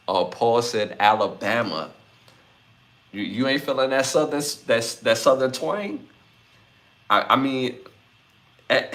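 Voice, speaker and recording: Man, podcast host, lowish voice, bright forceful tone, chatty shout-outs to chat. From Brooklyn, New York. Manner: hypes and reads chat comments, repeats lists twice. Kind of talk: casual live-stream podcast chat.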